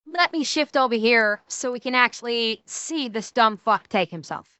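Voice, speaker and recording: Woman streamer with a high, bright voice and a dry, close sound; emphatic, ranting, swears freely. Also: expressive, clear, resonant tone, no echo. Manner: quick shifts between mocking and serious. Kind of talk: casual reaction stream commentary.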